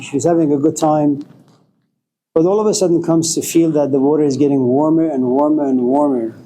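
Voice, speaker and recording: Male lecturer, philosophical and digressive, mellow tone, slow deliberate delivery. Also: on the high side, slight background noise, rough recording.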